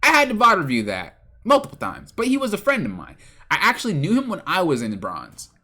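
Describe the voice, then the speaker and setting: A man with a bright, forward voice tells a loose, rambling story on his own podcast. His pitch swings widely as he goes, and he stumbles and restarts his sentences, correcting himself mid-thought. It sounds like casual, unscripted talk about coaching games. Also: huge pitch swings, a little fast. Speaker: podcast host and game coach.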